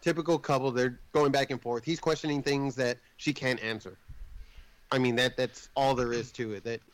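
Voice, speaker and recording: A man's voice: mid-range voice, steady tone, moderate pace, poor audio. A man casually recapping a movie plot in a rambling way, swearing now and then and jumping in and out of the characters' voices.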